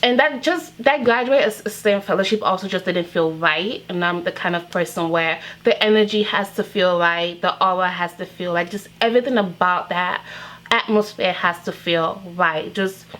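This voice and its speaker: Young woman from Nigeria, twenties, confessional vlogger; lowish voice, candid and emotional, lots of fillers. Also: moderate pace, fairly bright tone, low-quality recording. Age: 20s. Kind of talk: personal confessional vlog.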